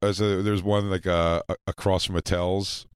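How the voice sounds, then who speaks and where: Deep-voiced man rambling through comedy banter. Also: level tone, normal speed, clear, resonant tone, no echo. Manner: rambling, joking storyteller. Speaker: podcast co-host. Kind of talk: casual comedy chat. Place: radio studio.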